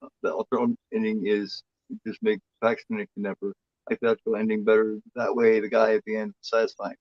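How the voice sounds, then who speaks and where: A man's voice: fairly low pitch, level tone, a little fast, no echo, muffled recording. Casual swearing male horror host. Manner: rambling, swears freely, voices the cat in a playful drawl. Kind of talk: casual livestream chat.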